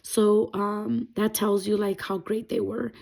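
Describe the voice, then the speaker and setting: A woman's voice: mid-range voice, level tone, unhurried, creaky, darkish tone. A young adult woman sharing a personal faith testimony in an earnest, rambling way, full of fillers. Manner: emotional, earnest. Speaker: testimony vlogger.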